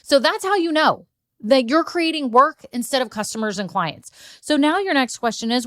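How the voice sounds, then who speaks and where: A woman's voice: sits high, lively intonation, moderate pace, dry recording, clean studio sound. A middle-aged woman hosting a solo coaching podcast, talking directly and chattily to listeners with encouragement. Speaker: podcast host and business coach.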